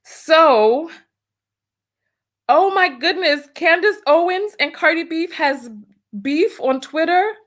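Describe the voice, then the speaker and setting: A woman's voice: very high-pitched, lively intonation, slow pace, long pauses, fairly bright tone. A woman hosting a casual livestream, reading donations aloud, laughing often and exclaiming "oh my Lord" and "have mercy.". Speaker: livestream host.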